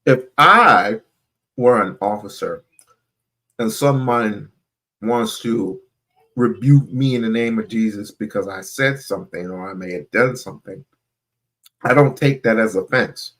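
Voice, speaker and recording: A man calmly explaining his opinion in a measured, hesitant way. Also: fairly low pitch. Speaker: panel speaker. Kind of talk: opinionated talk.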